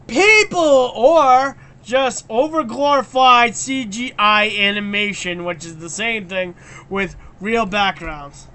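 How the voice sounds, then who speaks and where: A man hosting a live stream and ranting excitably in casual chat, stammering and restarting his sentences. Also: very high-pitched.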